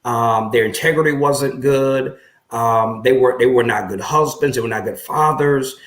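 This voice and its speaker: A man who is a pastor, telling his story in an interview in an earnest, reflective way that grows lively when he recounts conversations. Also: mid-range voice, normal speed. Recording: echoey room.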